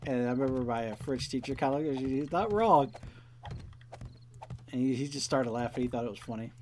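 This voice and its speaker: A man's voice: mid-range voice, steady tone, rapid-fire, dark tone, slight background noise. A young man hosting a game let's play, rambling casually, swearing often and acting out quoted dialogue. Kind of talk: casual rambling commentary while playing.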